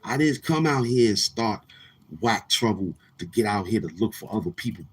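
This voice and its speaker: A man's voice: fairly low pitch, animated, moderate pace, husky. A man hosting his own online morning show, boasting and trash-talking rivals in a brash, repetitive rant. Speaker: YouTube show host.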